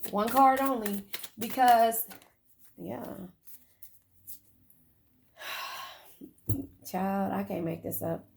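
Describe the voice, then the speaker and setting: A woman with a somewhat high, gravelly voice reads tarot cards in a car. She talks straight to her viewers in a blunt, profane and chatty way. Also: a little hiss or hum. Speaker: tarot reader. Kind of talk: casual tarot reading.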